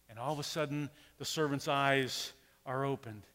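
A man's voice: mid-range voice, normal speed. A man preaching a sermon as a pastor, talking casually and telling a story animatedly. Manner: conversational, animated storytelling with acted quotes. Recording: long hall reverb.

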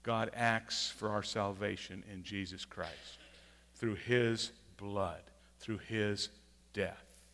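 A man preaching a sermon with emphatic, repeated phrases, swinging from quiet to loud. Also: lowish voice, steady tone, takes it slowly. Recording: long hall reverb.

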